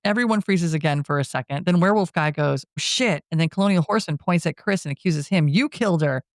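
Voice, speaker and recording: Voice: mid-range voice, quick pace, dry recording, studio quality. A podcast co-host giving a casual scene-by-scene movie recap, acting out quotes and laughing often. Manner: retells scenes with acted-out quotes.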